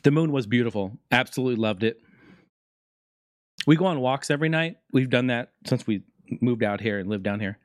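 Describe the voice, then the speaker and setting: A man chatting as a show's host, loose and foul-mouthed, telling jokey stories with animated energy. His voice sits at an ordinary middle pitch. The sound is close and dry, with no room around it. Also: a little fast, no echo. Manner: profane, jokey, animated storytelling. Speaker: podcast host. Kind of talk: casual rambling monologue.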